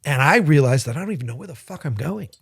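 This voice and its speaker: A man's voice: fairly high pitch, fast, gravelly, husky, no room sound. Guy on a podcast telling a wild story, swears a lot, does the voices, dead dry mic. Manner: profane, rambling, lively retelling with quoted voices. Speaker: podcast co-host. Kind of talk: casual storytelling.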